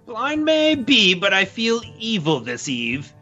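A man's voice: high voice, huge pitch swings, takes it slowly, bright, forceful tone, muffled recording, faint music behind, heavily acted. A man voicing a blind, cryptic old moth priest who speaks in ominous rhymes, in an audio drama. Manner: cryptic rhyming prophecies, cranky.

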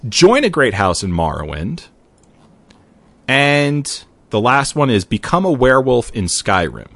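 A man hosting a casual gaming podcast, chatty and easily excited, with loose mild swearing. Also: medium pitch, a little slow, gravelly, dry recording. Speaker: podcast host.

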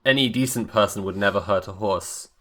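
Low-voiced man with a cold. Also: fairly quick, a bit bright. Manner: joking, swears freely. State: has a cold. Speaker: player. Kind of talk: casual chat at a game table.

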